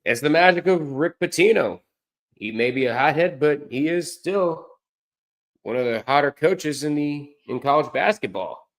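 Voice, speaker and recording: A man's voice: a little high, lively intonation, moderate pace. A man streaming college basketball, talking off the cuff in a loose, rambling way. He keeps correcting himself mid-sentence and jokes at his own expense. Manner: rambling, self-correcting, self-deprecating. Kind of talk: casual live-stream commentary.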